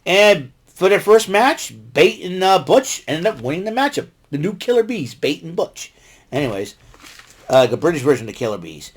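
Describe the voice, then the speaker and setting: A man hosting a casual solo wrestling recap show, rambling and excitable, who talks back to the wrestlers he describes. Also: a little high, moderate pace, slightly rough. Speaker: podcast host recapping wrestling.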